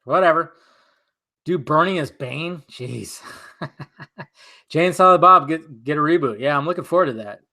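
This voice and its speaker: A man's voice: fairly high pitch, bright, forceful tone. A young man in a casual live stream who answers chat in a loose, profane way and laughs often, at home in front of a green screen.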